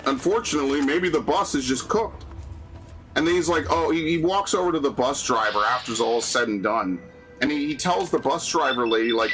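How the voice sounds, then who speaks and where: A man's voice: a little high, lively intonation, fairly quick, a bit bright, soft background music. A man streaming a game, ranting profanely about city life in casual chat.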